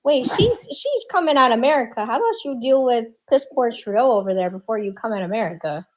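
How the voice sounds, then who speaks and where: A woman with a high voice who talks fast, making quick, pointed remarks on a panel. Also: animated, rough recording. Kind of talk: panel talk.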